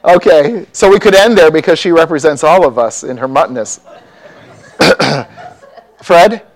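A man delivers a sermon in a conversational way, often stopping to ask the congregation questions. His voice sits a little high for a man. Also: a little slow. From mixed Dutch and Czech heritage. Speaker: pastor.

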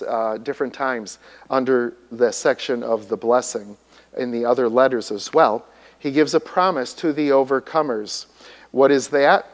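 Male preacher, slightly raised pitch, questioning teacher's delivery, reverberant sanctuary sound. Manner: teacherly, asks the congregation questions. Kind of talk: sermon. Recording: long hall reverb.

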